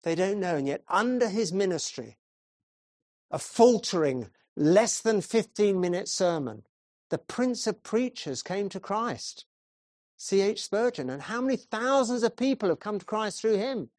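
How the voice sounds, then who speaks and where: Man, preacher, sermon storytelling, measured delivery, slow, dry close recording. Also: sits high, lively intonation, darkish tone, dry recording. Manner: measured, asks the listeners questions.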